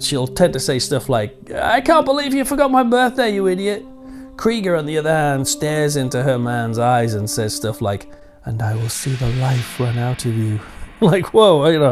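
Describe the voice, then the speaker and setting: A man's voice: medium pitch, darkish tone. A middle-aged man giving a casual, digressive film review, with ums and restarts.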